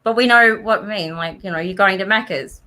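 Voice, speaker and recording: A woman's voice: medium pitch, brisk, bright, forceful tone. An Australian woman co-hosting a livestream, chatty and giggly, explaining local slang. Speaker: co-host of a paranormal livestream. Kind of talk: casual livestream chat.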